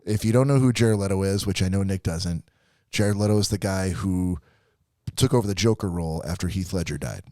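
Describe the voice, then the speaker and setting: Low-voiced ranting podcast man, dry sound. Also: brisk, dark tone, dry recording. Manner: ranting, profane, laughing storyteller. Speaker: podcast co-host. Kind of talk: casual chat.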